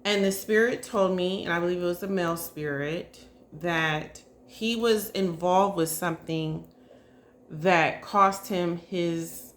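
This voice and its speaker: Taking her time, a psychic reader chats hesitantly to camera during a casual reading, peppering it with fillers, hedges, "okay?" and "y'all." Her voice is fairly low in pitch and a bit bright.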